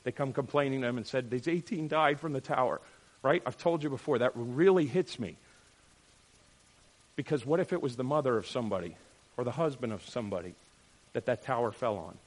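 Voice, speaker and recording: A man preaching a sermon, animated, firing off rhetorical questions and checking in with "right?". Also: mid-range voice, a little fast. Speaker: pastor.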